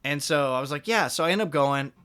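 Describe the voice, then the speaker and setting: A man's voice: fairly high pitch, quick pace, clear, resonant tone. A man, a musician, telling stories casually as a podcast guest and acting out the people in them. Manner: animated, acts out quoted dialogue. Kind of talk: casual storytelling.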